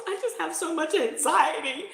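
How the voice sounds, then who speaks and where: A woman voicing her anxious friend, timid and whiny, in a higher voice. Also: normal speed, gravelly, fairly bright tone. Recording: roomy echo.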